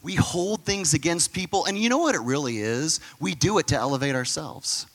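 A man's voice: fairly high pitch, lively intonation, moderate pace, fairly bright tone, in a large hall. A man giving a conversational sermon as a pastor, acting out bits of dialogue in different voices.

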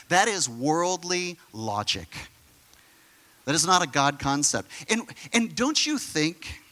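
A man's voice: sits high, big pitch swings, normal speed, pushed and bright. A man pastor preaching a conversational sermon, full of fillers and questions to the congregation.

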